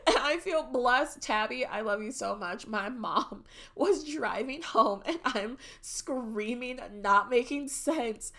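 A young woman hosting a podcast, telling a personal story in a casual, animated and dramatic way. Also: fairly high pitch, takes it slowly. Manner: animated and dramatic, shrieks when reliving moments. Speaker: podcast host.

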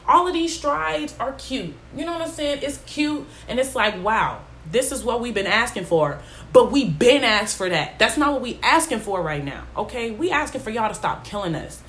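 A woman's voice: a little high, a bit bright. A young woman, hosting a casual podcast monologue in a blunt, rambling way that drifts off on tangents. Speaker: podcast host.

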